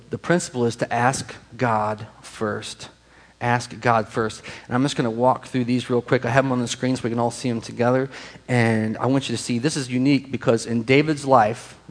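A man preaching a sermon, telling a Bible story with lively acted-out quotes and stretches of soft, hushed speech. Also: medium pitch, long reverb tail, poor audio. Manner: animated storytelling, acts out quoted voices, drops to soft hushed tones. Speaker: pastor.

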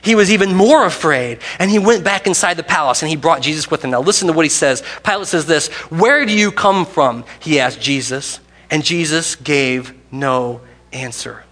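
A man preaching a sermon who reads scripture aloud, dramatic and varied, dropping to a hush for quoted lines. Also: on the high side, normal speed. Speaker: pastor.

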